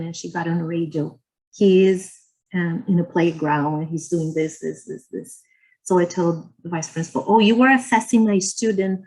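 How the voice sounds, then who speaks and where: Slow-spoken, gentle woman giving a lecture. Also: on the low side, low-quality recording. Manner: earnest, gentle, speaks in short phrases. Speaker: guest speaker at a spiritist society. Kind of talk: religious lecture with personal stories.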